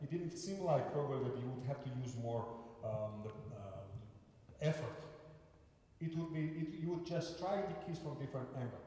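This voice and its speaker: A man's voice: medium pitch, expressive, normal speed. A man teaching a piano lesson, patiently repeating short prompts to his student. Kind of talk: remote piano masterclass coaching. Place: room with a piano. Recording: echoey hall, mic far off, loud piano. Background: piano playing.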